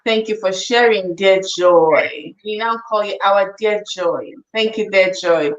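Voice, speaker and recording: A woman's voice: mid-range voice, measured pace. A woman hosts a live online talk show. She keeps thanking and blessing her guest in an effusive way. Her recording sounds slightly dull and lo-fi. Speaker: host.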